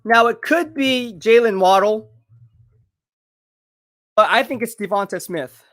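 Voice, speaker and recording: A high-voiced man hosting a live stream, talking in a hyped, chatty way and reading out comments from viewers. He sounds a little out of breath, as if he is exercising while he talks. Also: unhurried, fairly bright tone. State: out of breath from curls. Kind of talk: live draft watch party, reading chat.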